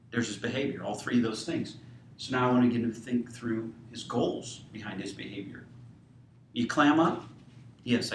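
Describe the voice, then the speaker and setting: A man's voice: mid-range voice, roomy sound, recorded from a distance, slight background noise, low-quality recording. A man teaching a counseling class, walking through a client case and quoting the dialogue, with frequent fillers. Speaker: counseling instructor. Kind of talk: lecture with case role-play.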